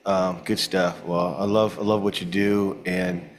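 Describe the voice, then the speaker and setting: A man's voice: deep voice, level tone, measured pace. A man hosting a podcast interview, reacting to a guest's stories and asking questions. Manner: warm reactive listener, laughs along. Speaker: podcast host. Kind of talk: casual interview.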